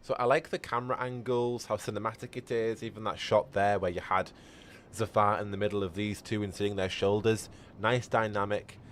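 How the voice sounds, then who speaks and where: Man, game streamer, chatty live commentary, lowish voice, faint hum. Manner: chatty, reads chat aloud.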